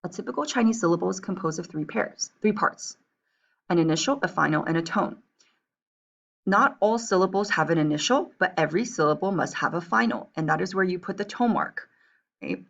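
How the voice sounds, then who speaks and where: A woman's voice: on the low side, expressive, brisk, gravelly, fairly bright tone, muffled recording. A woman with a New Jersey accent, teaching a recorded language lesson and checking in with "right?" and "okay?" as she explains. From grew up between Taiwan and the United States. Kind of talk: recorded lesson, reading from a textbook.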